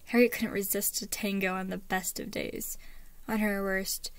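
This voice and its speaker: A woman reading a fan story aloud, soft and often half-whispered, with self-deprecating asides. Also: mid-range voice, level tone, normal speed. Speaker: fan fiction reader.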